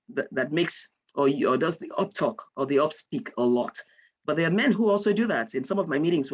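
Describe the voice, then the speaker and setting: A woman's voice: sits low, husky. A woman from Nigeria, giving an online lecture and explaining with example sentences.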